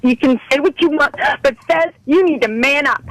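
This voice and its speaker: Impassioned woman caller, high voice. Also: moderate pace, a little hiss or hum, rough recording. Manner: impassioned, pleading, profane. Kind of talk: call-in radio rant.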